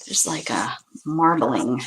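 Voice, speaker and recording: A woman's voice: rumbling low, animated, slow pace, a bit bright, rough recording. Chatty woman crafting at home. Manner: chatty, thinks aloud, trails off and restarts. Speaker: craft channel host. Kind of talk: casual crafting chat to viewers. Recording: noticeable background noise.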